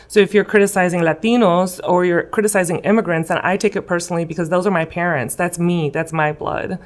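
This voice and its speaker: A woman in her thirties from West Chicago, Illinois, is interviewed in a school room as a guest and political candidate. She answers earnestly and emotionally, with many fillers, talking fast in a lowish voice with fairly even intonation.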